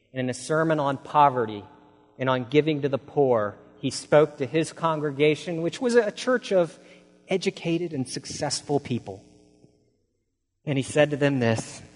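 A man preaching a sermon, asking the congregation rhetorical questions and swinging from hushed lines to loud, urgent ones. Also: medium pitch. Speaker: pastor. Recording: long hall reverb.

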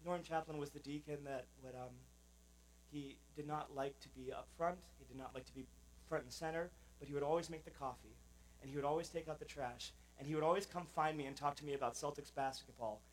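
A man's voice: fairly high pitch, fairly even intonation, a little fast, slight background noise, rough recording. Man preaching in a loose, chatty way. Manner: conversational, loose, with many fillers. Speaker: pastor. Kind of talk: sermon.

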